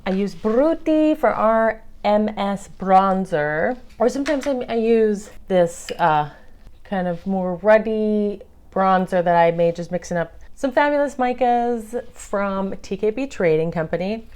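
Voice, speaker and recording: A woman's voice: medium pitch, lively intonation, a little slow, darkish tone, clear, resonant tone. A woman chatting through her makeup routine in a casual tutorial, playful and affectionate, calling viewers darlings. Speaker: makeup vlogger.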